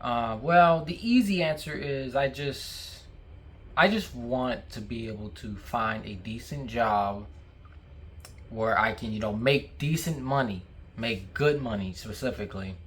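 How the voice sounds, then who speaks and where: A man's voice: mid-range voice, measured pace, fairly bright tone, a little hiss or hum. A young man vlogging casually to camera, talking while he eats, rambling with many fillers and restarts.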